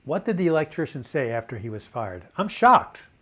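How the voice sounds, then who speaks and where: Older man, dry cough, casual live chat host, mid-pitched voice, chatty, corny jokes. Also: sing-song, quick pace, a little mellow. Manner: chatty, tells corny jokes, reads comments aloud. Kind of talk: casual live-stream chat reading viewer comments.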